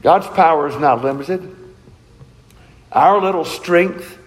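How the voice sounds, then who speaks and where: A man's voice: a little high, slow pace, big-room sound, rough recording. A man preaching a sermon in an earnest, emphatic way, asking rhetorical questions. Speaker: pastor.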